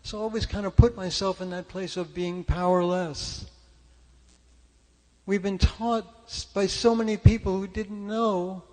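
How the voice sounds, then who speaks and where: In a church sanctuary with a big-room sound, an older man preaches a conversational sermon packed with stories at a spiritual service. His voice is high-pitched and slightly mellow, with fairly even intonation and a measured pace, and he chats self-deprecatingly, often starting sentences over.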